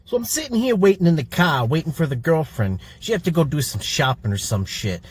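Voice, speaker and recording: A man's voice: a little high, very animated, brisk, husky. An actor playing a grumpy man who swears constantly while ranting about coffee and Mondays, in a comedy sketch video. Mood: grumbling. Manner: crude, exasperated ranting with heavy swearing.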